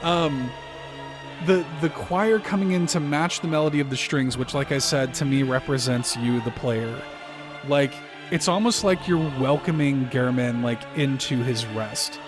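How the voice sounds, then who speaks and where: A man co-hosting a podcast, talking in a halting, emotional way, with many restarts and fillers. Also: medium pitch, over music. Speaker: podcast co-host. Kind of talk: casual podcast discussion.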